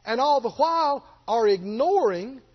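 A man's voice: very high-pitched, expressive, measured pace. A middle-aged man preaching a sermon, telling a story and rising to stress his key points. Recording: dull lo-fi sermon recording.

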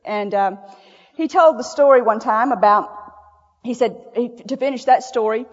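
Recorded in an echoey church sanctuary with dull, lo-fi audio, this church speaker is a woman with a fairly high voice and a moderate pace. Her sermon unfolds through folksy, conversational stories, and she laughs frequently.

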